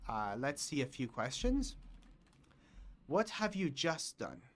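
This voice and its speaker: A man teaching English grammar to learners, his pitch rising and falling a lot as he talks. He speaks slowly and clearly, saying each example sentence twice so it sinks in. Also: big pitch swings, a little hiss or hum.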